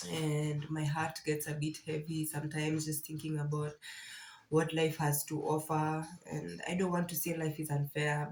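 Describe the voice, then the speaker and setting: A young Kenyan woman with a deep, mellow voice records a candid, emotional confessional vlog, distressed and near tears, restarting often. The room is echoey.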